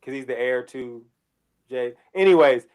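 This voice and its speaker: A man co-hosting a casual sports podcast, animated, with loud outbursts and heavy swearing. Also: mid-range voice, measured pace, clear, resonant tone. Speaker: podcast co-host.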